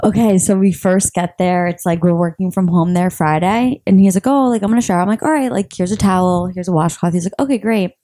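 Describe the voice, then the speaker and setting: Animated storytelling young woman. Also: lowish voice, a little fast, few pauses, no echo, clean studio sound. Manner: animated storytelling, acts out quotes. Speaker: podcast co-host. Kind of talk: casual chat.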